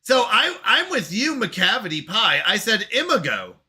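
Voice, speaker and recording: A male streamer talks casually to his audience with an excitable manner and frequent laughter. His voice sits high and jumps around in pitch. The tone is very bright. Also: a little slow. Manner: excitable, laughs often, exclaims at himself. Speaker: live-stream host. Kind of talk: casual live-stream chat.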